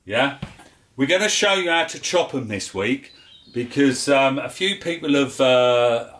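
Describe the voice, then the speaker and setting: A man's voice: mid-range voice, expressive, a little slow, fairly bright tone. A man with a London accent hosting a casual home cooking vlog, chatty and jokey. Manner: chatty and jokey, with filler words. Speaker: cooking show host.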